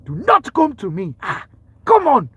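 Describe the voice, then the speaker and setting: A man's voice: very high-pitched, wildly swooping pitch, measured pace, fairly bright tone, slightly rough, no room sound, highs cut off, voice pushed up, heavily acted. A man voicing a solemn preacher who declaims and sternly addresses his friends and brothers. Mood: preachy.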